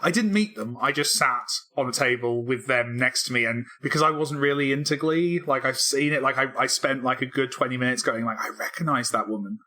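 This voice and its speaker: Bright-voiced man chatting casually. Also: mid-range voice, brisk, few pauses. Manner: rambling, self-deprecating, many fillers and restarts. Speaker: podcast co-host, game developer. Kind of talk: casual chat.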